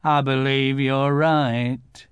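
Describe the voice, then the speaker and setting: A man reading a storybook aloud, voicing a gloomy old grey male donkey with a slow, mournful drawl. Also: fairly high pitch, clear, resonant tone, no echo.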